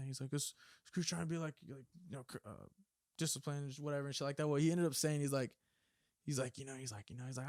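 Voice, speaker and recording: A man's voice: a little high, animated, quick pace, no echo, clean studio sound. A man in his twenties, a former Marine guest, telling profane stories in casual chat, laughing and acting out drill instructors' lines.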